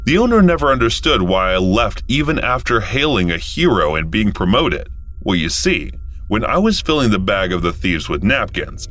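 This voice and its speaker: A man in his thirties narrating a first-person story in a casual, animated way. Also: fairly low pitch, normal speed. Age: 30s.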